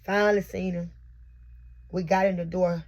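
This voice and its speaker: A woman's voice: on the low side, little pitch movement, moderate pace, darkish tone. A young mother recording herself on camera as she tells a heartfelt, repetitive birth testimony. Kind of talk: emotional personal testimony. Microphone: self-recorded on camera.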